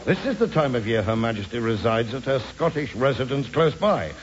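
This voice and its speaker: An actor playing a smug, pompous detective in a comedy radio drama, speaking in a lively, theatrical manner. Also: male voice, medium pitch, a little fast, muffled recording, slight background noise, close to an everyday voice.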